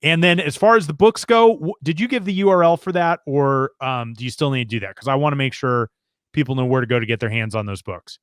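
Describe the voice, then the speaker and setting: A man's voice: mid-range voice, fast talker, fairly bright tone, clear, resonant tone, no echo, clean studio sound. A man hosting a podcast in casual, friendly chat with a joking edge. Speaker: podcast host.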